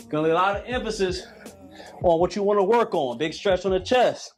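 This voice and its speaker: A man's voice: high voice, brisk, faint music behind. A man in his late thirties coaching a live calisthenics workout, repeating cues and preaching about hard work. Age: late 30s. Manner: preachy, repetitive motivational cues.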